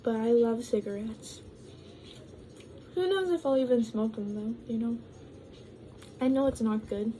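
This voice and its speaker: A young woman chats loosely to her vlog viewers, wandering from thought to thought with plenty of ums and likes. Her voice sits a bit high but has a soft, mellow tone. At times she talks through a mouthful of food. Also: a little slow, pauses often, slight background noise, poor audio. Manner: rambling, full of ums and likes; talks while eating. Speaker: vlogger. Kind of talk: casual vlog chat.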